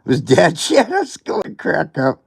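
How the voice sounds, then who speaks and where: Hosting a livestream, this man rambles through a story from his school days, using lots of filler words and breaking into laughs. His voice is a little high and a little slow, creaky and husky, with pitch that swoops wildly.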